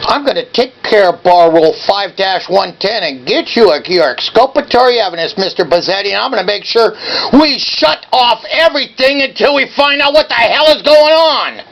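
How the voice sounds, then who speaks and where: A man in his seventies makes an angry phone call to an office, confrontationally berating and badgering the person on the line. His high voice is animated and a bit bright, with vocal fry, at normal speed on a rough recording.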